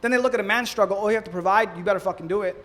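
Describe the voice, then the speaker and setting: A young man with a high, quick voice rattles through casual podcast talk, swearing often. He sounds like he's in a room with a long echo. There is a faint noise behind him. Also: crowd noise. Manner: fast, profane, animated storytelling. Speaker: podcast host. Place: Florida.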